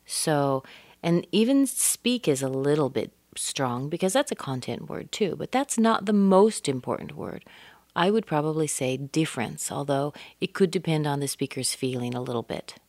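A woman teaching a pronunciation lesson, slowly demonstrating and repeating sounds and words. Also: low voice, lively intonation, darkish tone, dry recording. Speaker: accent coach.

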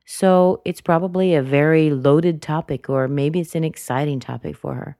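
Slow, low-voiced woman teaching intonation. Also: mellow, no room sound, studio quality. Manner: slow and deliberate, repeating words to model intonation. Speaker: English pronunciation teacher. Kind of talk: explaining intonation.

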